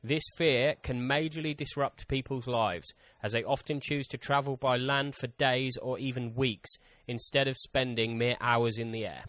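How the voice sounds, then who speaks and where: A man's voice: medium pitch, steady tone, moderate pace, few pauses, fairly bright tone, dry recording. A man co-hosting a casual podcast chat, teasing his friends and swearing freely. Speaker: podcast co-host.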